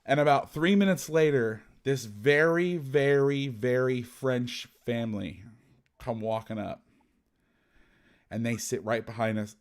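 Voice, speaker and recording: A man hosting a football podcast, chatting casually and telling an animated, profane story. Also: mid-range voice. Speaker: podcast host and football coach. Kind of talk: casual chat.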